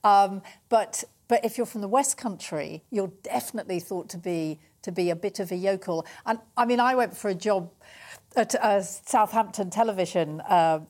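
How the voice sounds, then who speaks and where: Female panel guest; halting, restarts often, mid-range voice. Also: mid-range voice, darkish tone. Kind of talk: TV panel discussion.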